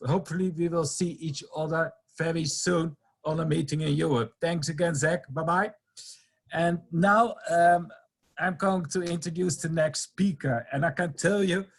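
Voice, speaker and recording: A man's voice: fairly high pitch, steady tone, normal speed, vocal fry, slightly rough. A man hosting an online company event, friendly and a little hesitant between his thanks and his introductions. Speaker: event host. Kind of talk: casual hosting.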